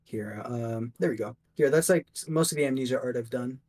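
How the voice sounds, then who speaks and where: A man's voice: mid-range voice, brisk, a little mellow. A young man, a guest artist, chatting casually in a rambling, upbeat way with lots of fillers. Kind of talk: casual chat.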